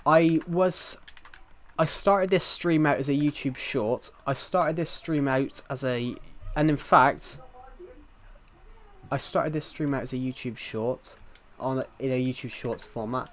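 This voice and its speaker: A man's voice: mid-range voice, measured pace, a bit bright. Rambling Southwest English streamer man. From England. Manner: rambling, restarts sentences, chats to viewers. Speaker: live streamer. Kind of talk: casual live-stream chat while gaming.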